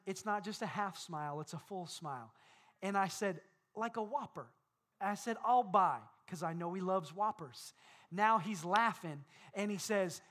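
A man preaching a sermon as pastor, building repeated phrases up to loud peaks. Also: high-pitched.

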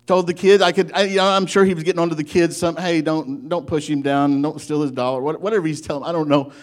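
A man preaching a sermon, telling a folksy story in an animated way and often breaking off to restart his sentences. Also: on the high side, fast talker. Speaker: pastor.

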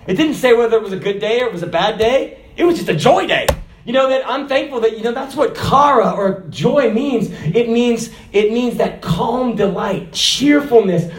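A man preaching a sermon, moving from loud, emphatic lines to soft, low asides. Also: a little hiss or hum. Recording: echoey hall.

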